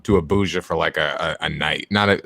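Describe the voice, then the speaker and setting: A man's voice: very deep voice, brisk, vocal fry, bright, forceful tone. A man co-hosting a casual podcast chat, asking questions and cracking jokes. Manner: joking, asks questions. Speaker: podcast co-host.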